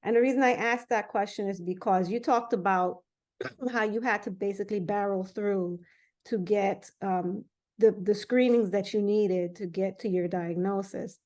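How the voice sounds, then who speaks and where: A woman's voice: mid-range voice, fairly even intonation, normal speed, darkish tone. A woman hosting an interview who asks earnest, searching questions and hesitates now and then as she works through her thoughts. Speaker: interview host. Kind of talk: conversational interview.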